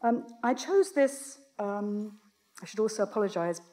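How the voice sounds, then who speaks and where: Woman lecturer, voice strained and fading in and out, halting delivery full of ums, mid-range pitch. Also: animated, warm tone. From Britain. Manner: hesitant, many ums and restarts. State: voice strained, coming and going. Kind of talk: academic lecture. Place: lecture hall.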